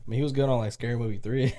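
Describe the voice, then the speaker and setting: A man's voice: medium pitch, warm tone. A young man with a mid-range voice rambles easily through a casual chat. He talks loosely, with slang and plenty of swearing. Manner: laid-back, rambling, swearing, laughs easily. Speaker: podcast co-host.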